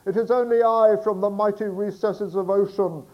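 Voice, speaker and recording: A man shouting in a blustering voice as a rough, boastful old sailor in a comic poem he reads aloud. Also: sits high, steady tone, moderate pace, dull audio, pitched above the performer's own voice, lightly acted.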